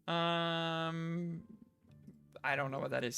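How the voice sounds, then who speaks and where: A man's voice: a little high, expressive, moderate pace, sharp tone, faint music behind. A man streaming a live game playthrough, talking casually and wryly while thinking aloud.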